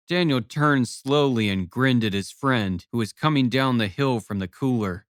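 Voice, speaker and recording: A man narrating an audiobook in a steady storytelling manner. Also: medium pitch, normal speed, few pauses, no echo, studio quality.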